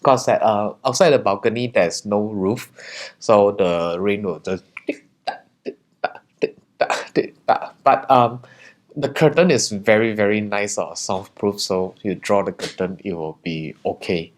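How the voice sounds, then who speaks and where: A man vlogging a casual review of hotel food, wine and rooms, chatty, with frequent pauses and fillers. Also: on the low side.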